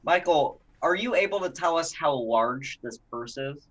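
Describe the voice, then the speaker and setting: A man playing as an eager contestant, quick to jump in. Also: on the high side, expressive, fairly bright tone, dull audio. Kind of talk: casual game banter.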